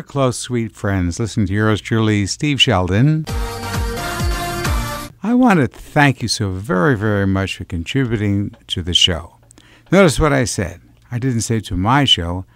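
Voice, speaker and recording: A man's voice: mid-range voice, vocal fry, no echo. Chatty late-night radio host man. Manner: chatty and effusive, repeats contact details. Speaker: radio talk show host.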